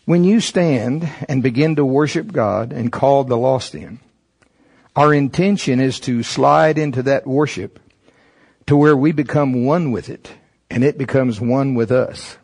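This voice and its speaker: A man's voice: mid-range voice, unhurried, darkish tone, husky. A man preaching a sermon, reading from a text and stopping to comment, rising emphatically on key words. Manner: reads a text aloud and stops to comment.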